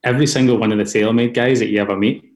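A man's voice: medium pitch, fairly even intonation, racing. A Scottish man chatting easily and enthusiastically as a podcast guest. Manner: easygoing, enthusiastic, says mate often. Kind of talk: casual interview chat.

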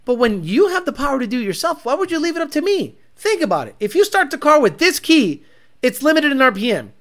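Brash male car-show host, casual profane rant with Spanish asides, lively pitch. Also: quick pace. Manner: profane, animated, with sudden bursts of Spanish.

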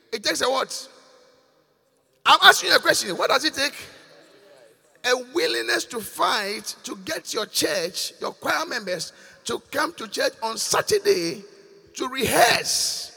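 A man's voice: very high voice, big pitch swings, measured pace, vocal fry, pushed and bright, breathy edge. An older man, a bishop preaching to his congregation, questioning and scolding them in call-and-response. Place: large church hall. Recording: long reverb of a church hall.

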